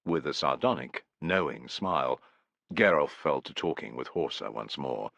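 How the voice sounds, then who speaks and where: A man's voice: extremely low pitch, expressive, normal speed, creaky, a bit bright, no room sound, muffled recording. A man narrating a historical war novel in a scripted, dramatic reading. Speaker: audiobook narrator.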